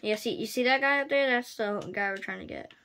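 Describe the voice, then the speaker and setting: A woman's voice: a little high, a little fast, a bit bright, a little hiss or hum. A woman giving casual, playful commentary while playing a video game, often crying out at what happens. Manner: playful, exclaims and cries out at the game.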